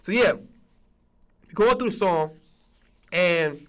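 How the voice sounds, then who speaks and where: High-voiced man ranting about a studio session. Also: animated, extremely slow, fairly bright tone. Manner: profane, repetitive restarts, frustrated. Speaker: streamer telling a studio story. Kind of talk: casual storytelling rant.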